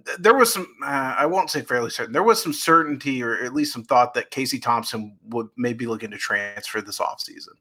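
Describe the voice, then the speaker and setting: A man's voice: medium pitch, fairly quick, few pauses, bright, forceful tone. A man appearing as a guest recruiting reporter, talking in a loose, chatty way full of fillers and restarts. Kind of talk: casual podcast chat.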